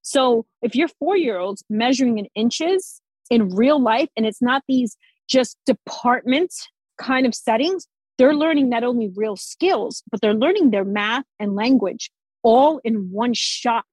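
A woman's voice: a little high, lively intonation, measured pace, a little mellow, husky, no room sound, rough recording. A woman with a New Jersey accent, a forest school teacher talking bluntly and swearing freely in a casual podcast chat.

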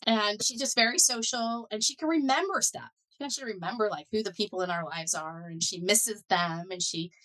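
Middle-aged woman guest, bright voice, chatty with lots of likes and you knows. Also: medium pitch, fairly quick, hardly any pauses, rough recording. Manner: animated storyteller, many "like" and "you know" fillers. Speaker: guest, foundation director and neuroscientist. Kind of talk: conversational interview.

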